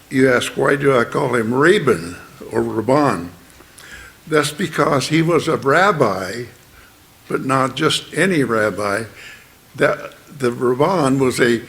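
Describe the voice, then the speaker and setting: A man preaching at an unhurried pace, pausing often and restarting his sentences as he explains. His pitch sits in an ordinary middle range for a man. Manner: slow, halting, with many fillers and restarts; explanatory, plain teaching tone. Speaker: church speaker. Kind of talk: sermon.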